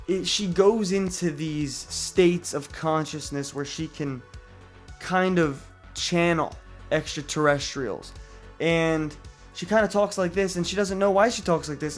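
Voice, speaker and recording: Male film reviewer, slightly high voice, casual rambling delivery over light background music. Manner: conversational, many restarts and fillers. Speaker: movie reviewer.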